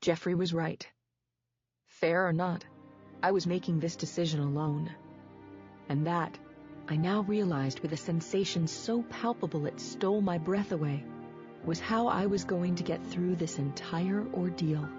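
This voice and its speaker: A woman narrating a first-person psychological thriller audiobook in a measured, steady way. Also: fairly low pitch, over music. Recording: dull, dry lo-fi recording.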